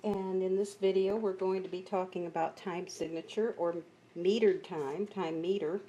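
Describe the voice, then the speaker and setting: A woman's voice: on the low side, steady tone, normal speed, mellow, lo-fi sound. A woman teaching a beginner piano lesson, patiently explaining note values and chanting counts aloud.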